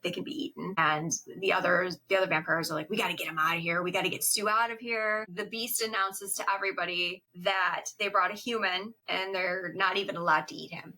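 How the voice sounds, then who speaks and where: Woman, podcast co-host, bright tone, casual scene-by-scene recap, playful quoted lines. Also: lowish voice, fairly even intonation. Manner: retells scenes with quick acted quotes and laughs. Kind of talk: casual movie recap chat.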